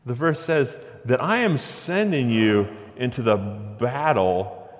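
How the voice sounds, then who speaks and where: A man's voice: medium pitch, expressive, takes it slowly. A man preaching a sermon, asking rhetorical questions and driving points home with emphatic repetition. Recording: long hall reverb.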